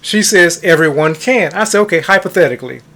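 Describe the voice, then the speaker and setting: A man's voice: a little high, unhurried, fairly bright tone. A man who coaches on manifestation, telling a story in a casual monologue, stressing words for emphasis and addressing listeners as guys.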